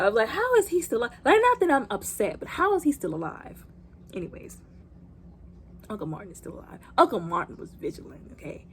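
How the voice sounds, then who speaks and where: A woman, recapping a movie in a chatty, animated way, often exclaiming. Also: medium pitch, a little hiss or hum. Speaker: movie reviewer.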